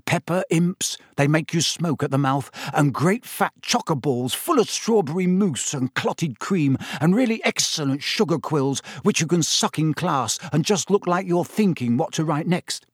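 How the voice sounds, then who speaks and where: A man's voice: a little high, sing-song, normal speed, husky, dry recording, clean studio sound. A man reading aloud and voicing a teenage schoolboy who is offhand and easily carried away. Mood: dreamy. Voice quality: offhand and enthusiastic.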